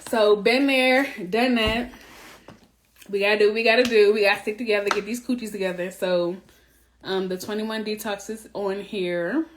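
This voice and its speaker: Woman in her 30s gabbing to her followers, blunt and animated, slangy, mid pitch. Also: brisk. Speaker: womb wellness coach. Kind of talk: casual chat to followers.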